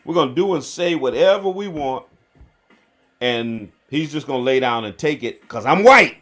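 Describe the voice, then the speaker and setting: A man, a bishop hosting a livestream, talking slowly and emphatically, repeating firm denials and answering viewer comments. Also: medium pitch, expressive, fairly bright tone. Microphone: livestream to phone or computer.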